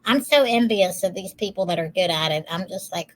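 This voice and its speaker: A woman's voice: lowish voice, a little fast, hardly any pauses, poor audio. Self-mocking woman chatting casually. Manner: self-deprecating, laughs easily. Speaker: podcast co-host. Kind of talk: casual chat.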